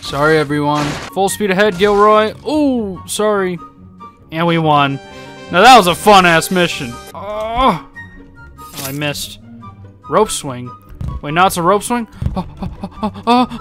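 A man commentating a game casually, excitable, swearing, laughing and yelping apologies to the characters. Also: a little high, takes it slowly, faint music behind. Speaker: gaming YouTuber. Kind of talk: casual let's play commentary.

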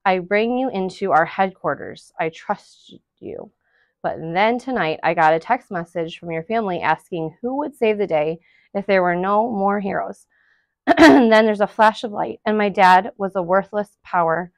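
A woman's voice: mid-range voice, measured pace, no echo, close to an everyday voice. A woman voicing a fierce, bossy young girl in a read-aloud storybook, making threatening demands. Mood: accusing.

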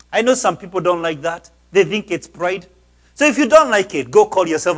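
A male pastor with a notably high-pitched voice delivers a sermon. He speaks emphatically, pressing and exhorting his listeners. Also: lively intonation, moderate pace.

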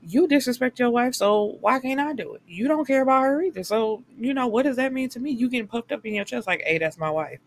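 A sassy, scornful young stripper , as a woman puts her on, snaps back in a raised, higher voice. She is mouthy and brash, and the voice stays close to the reviewer's own casual talk. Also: animated, brisk, few pauses.

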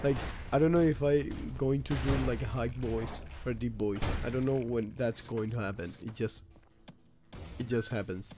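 A man's voice: mid-range voice, normal speed, music in the background. A man streaming a game live, chatting casually and swearing as he reacts to the action. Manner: swears and reacts loudly while playing. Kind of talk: casual live gameplay commentary.

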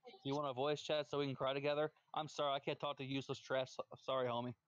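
A man's voice: mid-range voice, level tone, fast, dry recording, dull audio. A man trash-talking another player on a stream voice chat, scornful and taunting, repeating his insults. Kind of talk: trash talk between matches.

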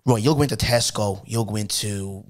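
A man's voice: on the low side, moderate pace. A young Irish man hosting a podcast, telling stories in casual chat, swearing freely and acting out rows with customers. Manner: animated storytelling, heavy swearing, acts out quarrels. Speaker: podcast host.

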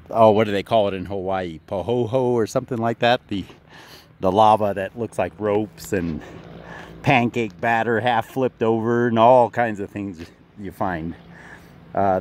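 A middle-aged man vlogging outdoors with a handheld camera, talking in a casual, rambling way with restarts. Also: on the low side. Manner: rambling, restarts often, chuckles. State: out of breath. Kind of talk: casual vlog narration. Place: outdoors near a mine, walking.

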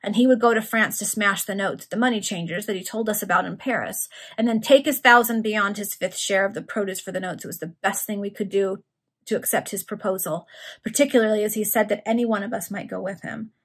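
A woman's voice: medium pitch, a little fast, husky. A woman voicing a male London thief from the 1840s in a storybook reading, in her own plain voice.

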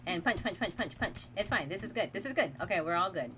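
A woman's voice: lowish voice, animated, fast talker, bright, forceful tone, a little hiss or hum. A woman streamer giving casual commentary over a horror game, chatting to her viewers, laughing often and nervously talking herself through it. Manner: chatty, talks to chat while playing, laughs often; nervous self-reassurance while playing a horror game.

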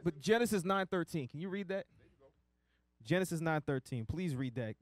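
A man's voice: fairly high pitch, expressive, normal speed, dry recording. A man speaking up during a sermon, earnest and exhortative toward the congregation. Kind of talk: impassioned sermon remarks.

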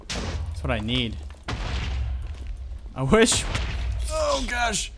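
Excitable man narrating his gameplay. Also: sits high, extremely slow, long pauses, music in the background. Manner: excitable, yelps and groans at setbacks. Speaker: gaming video host. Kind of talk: Minecraft let's play commentary.

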